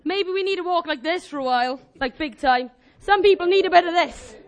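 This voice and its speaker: A woman giving an informal, energetic sermon to her church, joking and demonstrating as she talks. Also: extremely high pitch, brisk. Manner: energetic, animated, jokey. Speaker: church speaker.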